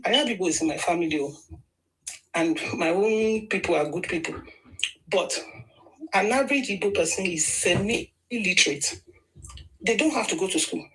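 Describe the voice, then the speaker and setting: A woman's voice: mid-range voice, low-quality recording. A woman with a Nigerian accent giving opinionated political commentary, emphatic and argumentative, often repeating phrases for stress.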